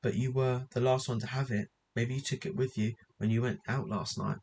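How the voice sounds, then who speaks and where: A man's voice: mid-range voice, steady tone, brisk, a little mellow, breathy edge. A man reading the part of a tired, exasperated father arguing with his teenage daughter in an audiobook. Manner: weary, exasperated.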